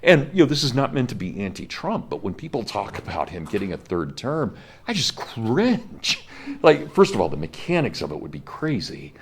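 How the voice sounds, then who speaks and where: A man's voice: on the low side, sing-song, a little fast, hardly any pauses, husky. A man in his fifties giving a college history lecture, speaking with passion and emphasis and talking directly to his students. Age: 50s. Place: classroom.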